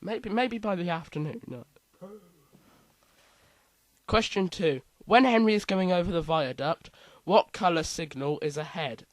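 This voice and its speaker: A man's voice: sits high, expressive, measured pace, long pauses, no room sound, low-quality recording. A man hosting a casual quiz, reading out multiple-choice options with playful asides. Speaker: quiz host.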